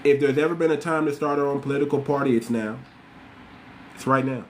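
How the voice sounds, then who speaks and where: A man's voice: medium pitch, brisk, slight background noise. A man hosting a podcast, giving blunt, repetitive commentary straight to his listeners. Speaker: podcast host. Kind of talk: casual commentary monologue.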